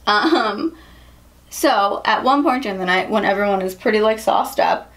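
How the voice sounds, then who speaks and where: A woman's voice: medium pitch, a bit bright. A young woman vlogger chatting casually about makeup and telling a story, full of "like" and "um". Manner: chatty, lots of "like" and "um", quick laughs. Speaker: beauty vlogger.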